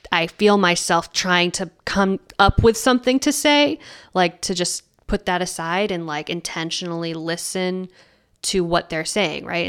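Smooth-voiced reflective woman. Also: on the low side, fairly bright tone. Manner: thoughtful, reflective. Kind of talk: casual faith chat.

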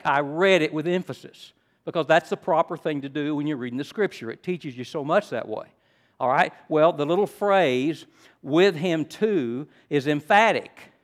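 An older man preaching a sermon, teaching in a friendly way and rising to loud, emphatic stresses. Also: a little high. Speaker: pastor.

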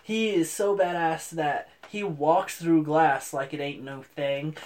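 Easygoing man in laughing, halting banter. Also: a little high, fairly even intonation, a little mellow. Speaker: podcast co-host. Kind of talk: casual banter debate.

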